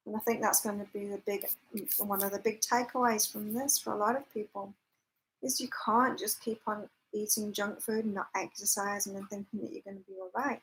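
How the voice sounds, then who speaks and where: A woman's voice: mid-range voice, fairly bright tone, a little hiss or hum, poor audio. A woman hosting a live psychic chat, talking casually with viewers, laughing often and reading out their comments. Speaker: psychic livestream host. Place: temporary lodging, staying away from home.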